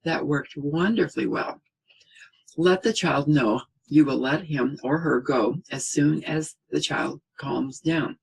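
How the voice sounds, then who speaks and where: Gravelly, husky man teaching parents. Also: a little high, takes it slowly, rough recording. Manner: calm and reassuring, often asks "okay?", acts out what a parent says. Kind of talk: spoken parenting lesson.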